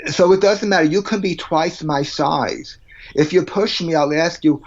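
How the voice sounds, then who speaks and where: Blunt, higher-pitched man on muffled audio. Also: moderate pace. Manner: blunt, emphatic, argues with plain hypothetical examples. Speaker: psychologist guest. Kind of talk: podcast interview.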